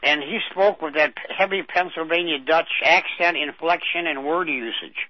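A man's voice: a little high, normal speed, no echo. An older man co-hosting a radio show, reminiscing in a rambling way with many fillers. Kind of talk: casual radio chat. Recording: dull dry radio audio.

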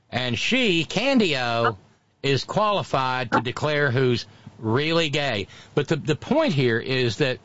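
A man's voice: mid-range voice, fairly bright tone, lo-fi sound. Sarcastic mocking male podcast host. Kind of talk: casual commentary chat.

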